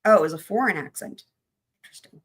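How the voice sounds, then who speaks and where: A woman's voice: on the low side, quick pace, slightly rough. A woman hosting a true crime live stream, chatting loosely with her viewers in a rambling, casual way.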